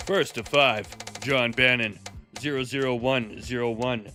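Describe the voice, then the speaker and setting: A man hosting a live stream and calling a wrestling match with bombastic, profane, jokey play-by-play and sudden shouted calls. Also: mid-range voice, a little slow, soft background music.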